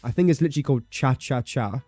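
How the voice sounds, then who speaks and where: Young guy rambling on a game stream, dark mellow voice, dry close mic, faint music under it. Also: mid-range voice, fast talker, no echo. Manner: rambling, chatty, self-correcting. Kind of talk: casual gameplay livestream chat.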